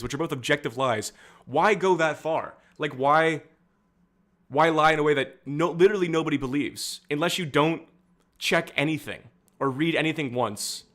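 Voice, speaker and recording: A man's voice: on the high side, fairly bright tone. A young man streaming casual political commentary, rambling and candid, with frequent fillers and restarts.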